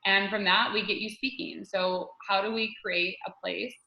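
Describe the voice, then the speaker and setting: A woman coach giving animated, spiritual interview answers, often restarting her sentences. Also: mid-range voice, normal speed, gravelly, roomy sound, lo-fi sound. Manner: animated, spiritual, repeats herself. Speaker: guest coach.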